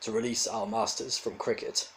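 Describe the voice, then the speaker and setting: A lifeless, ancient male robot, voiced by a man telling a story, with a cultured, raspy edge. The delivery is flat, quiet and patient, in a lowish voice. It comes from a spoken storybook reading. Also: normal speed, slight background noise, natural voice, poor audio. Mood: cold. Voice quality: cultured rasp.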